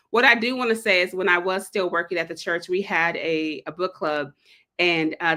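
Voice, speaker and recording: A woman hosting a live read-along, chatting casually and digressing, acting out quotes with big leaps in pitch. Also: pushed and bright. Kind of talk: casual livestream talk.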